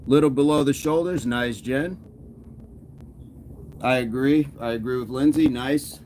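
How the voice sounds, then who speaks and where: With a darkish, medium-pitched voice and a measured pace, this man runs a fitness livestream full of playful teasing, picking out chat messages to read and reply to. A faint hiss or hum sits under the audio.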